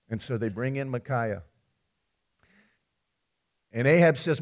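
Male preacher, sermon storytelling, conversational, animated, mid-pitched voice. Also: measured pace, long pauses.

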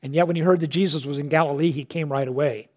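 A man preaching a sermon. He tells the story in a lively way, with casual asides, and swings from loud and emphatic to hushed and quiet. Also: on the high side, fast. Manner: colloquial asides.

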